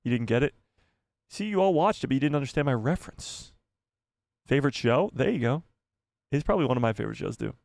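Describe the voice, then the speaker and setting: A man's voice: mid-range voice, expressive, fast, vocal fry, long pauses, darkish tone, no room sound. A man hosting a live stream, chatting casually with viewers, joking and rambling with frequent laughs. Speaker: livestream host.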